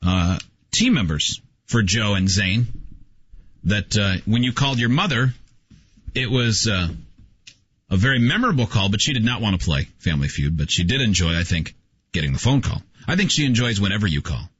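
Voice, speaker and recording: A man's voice: lowish voice, animated, normal speed, a bit bright, breathy edge, dry recording, dull audio. A man hosting a morning radio show, laughing and teasing his co-hosts in casual banter. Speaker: radio host.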